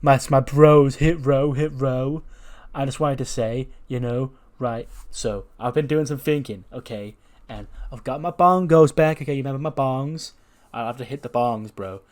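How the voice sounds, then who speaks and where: A man's voice: medium pitch, moderate pace, a little mellow, lightly acted. A man voicing a laid-back stoner male wrestler who drawls and says "bro" constantly.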